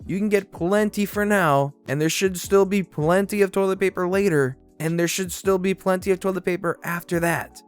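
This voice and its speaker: A man reads reddit stories aloud in a fairly high voice, with a lively, sarcastic edge to his asides. Faint music plays underneath. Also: moderate pace, few pauses, smooth. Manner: animated, sarcastic commentary between stories. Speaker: narrator.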